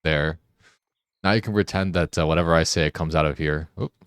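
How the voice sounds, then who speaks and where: Very deep-voiced joking male streamer. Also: a little fast, clear, resonant tone, dry recording, clean studio sound. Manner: joking and playful, often laughing; gets excited and rambling when riffing. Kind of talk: casual live-stream chat while gaming.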